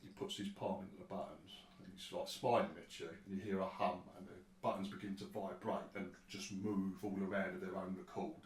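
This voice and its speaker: A low-voiced man runs a tabletop game, rambling and swearing as he narrates. The room sounds echoey, and he is picked up from some distance away. A faint ambience hums in the background. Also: level tone, fairly quick, hardly any pauses. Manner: rambling and sweary, with many restarts. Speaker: game master.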